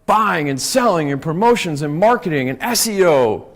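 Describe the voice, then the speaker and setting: A man giving a lively talk to a live conference audience, often checking in with "right?" and "okay?". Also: a little high, moderate pace. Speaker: conference speaker.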